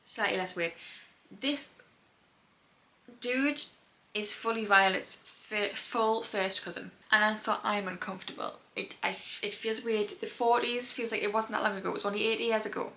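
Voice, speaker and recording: A woman's voice: medium pitch, normal speed, fairly bright tone. A young woman from North East England with a light Geordie accent, chatting casually to camera as a book vlogger, rambling and drifting into tangents.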